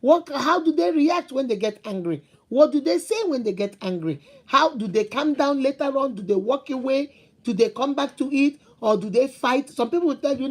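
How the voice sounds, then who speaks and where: A middle-aged woman who gives advice to her viewers in a lively, storytelling way. Her voice sits a little on the high side, and she presses her points with questions and repeats herself for emphasis. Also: normal speed. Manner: animated storytelling, rhetorical questions, emphatic repetition. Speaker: host giving relationship advice. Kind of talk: casual advice talk to viewers.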